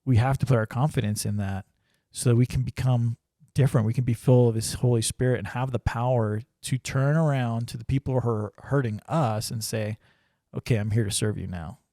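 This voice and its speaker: A man's voice: medium pitch, fairly even intonation, fairly quick, dark tone, dry recording, clean studio sound. A man sharing a personal faith story in casual conversation, earnest and full of restarts. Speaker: ranch crew member sharing testimony.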